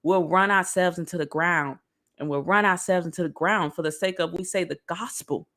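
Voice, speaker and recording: A woman giving a casual motivational talk on self-love straight to her viewers, lively and preachy. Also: fairly low pitch, normal speed. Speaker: motivational speaker.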